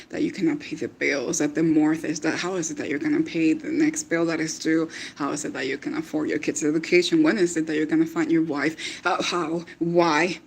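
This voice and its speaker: A woman speaks on a devotional livestream in a chatty, encouraging manner. She laughs often and repeats words as she goes. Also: fairly low pitch. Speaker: online prophetic speaker.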